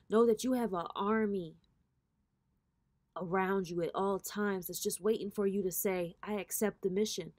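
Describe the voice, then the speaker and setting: A woman's voice: mid-range voice, fairly even intonation, normal speed, darkish tone, no room sound. A woman giving a casual spiritual pep talk to her viewers, blunt and profane, with a preacher-like cadence. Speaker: spiritual reader and host.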